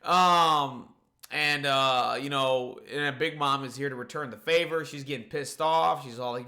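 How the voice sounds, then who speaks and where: A man rattles through a casual manga chapter review, his voice bright and forward. He swears freely and keeps circling back with "like" and "you know" as he walks through the action. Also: medium pitch, a little slow. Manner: excited, profane, full of "like" and "you know". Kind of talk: casual spoken chapter recap.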